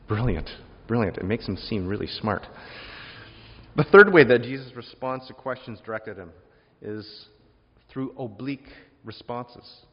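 A man preaching a sermon, lively and wry, acting out quoted questions in different voices and adding joking asides. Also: medium pitch, moderate pace. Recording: dull lo-fi sound with long hall reverb.

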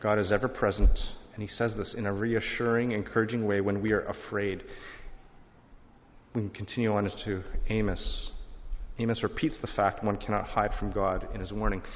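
A man preaches a relaxed, conversational sermon, reading scripture and weaving in stories about his family. His voice sits fairly low, and it carries the long reverb of a large hall through muffled, dull audio. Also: moderate pace. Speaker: pastor.

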